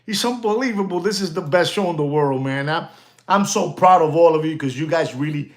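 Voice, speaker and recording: A man hosting a live stream, excitable and animated, thanking viewers and mixing in exclamations. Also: fairly high pitch, a little fast.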